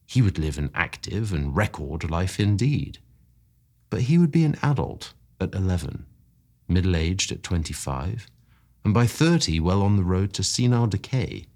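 A man reading a classic story aloud in a measured, expressive narration. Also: sits low. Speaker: story reader. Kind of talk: audiobook narration.

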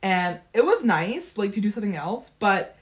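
A young woman chatting casually about her job, rambling with quick laughs. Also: medium pitch, very animated. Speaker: factory paperwork coordinator. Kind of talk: casual chat.

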